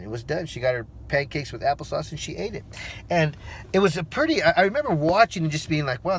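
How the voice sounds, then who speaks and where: A man in his forties telling a personal story in a relaxed, rambling way, with fillers and restarts, acting out the voices he quotes. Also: fairly high pitch. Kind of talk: casual spoken storytelling.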